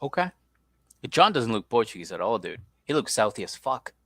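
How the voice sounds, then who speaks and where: A man's voice: medium pitch, sing-song, moderate pace, fairly bright tone, no room sound. A young man co-hosting a comedy podcast, laid back and chatty, often saying "dude" and doing playful impressions. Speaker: podcast co-host. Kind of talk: casual comedic chat.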